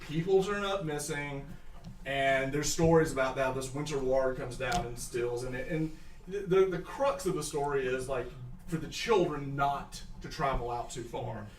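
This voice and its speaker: A man, narrating a tabletop game as game master in an excitable, animated way. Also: medium pitch, reverberant, far from the mic, slight background noise. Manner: animated, excitable, quick asides.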